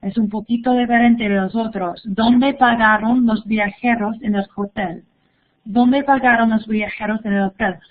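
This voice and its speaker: A woman's voice: a little high, fairly even intonation, moderate pace. A young woman teaching a live online lesson, upbeat and encouraging as she reads answers from the chat. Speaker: Spanish teacher. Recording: phone-like narrow audio.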